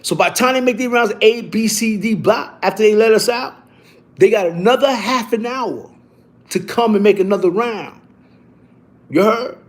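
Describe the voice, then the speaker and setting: A man telling a story casually, in animated and profane street talk that keeps restarting and repeating itself. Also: high-pitched, moderate pace.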